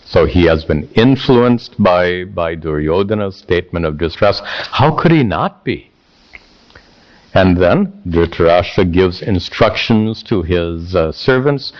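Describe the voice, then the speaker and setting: A man teaching a scripture class, speaking haltingly with repeated words and chanting verses slowly. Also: deep voice, expressive, highs cut off.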